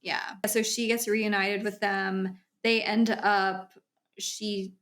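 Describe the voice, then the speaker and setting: A woman's voice: mid-range voice, flat delivery, takes it slowly, fairly bright tone. A woman co-hosting a casual book discussion, adding details and reacting to emotional scenes. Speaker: book podcast co-host.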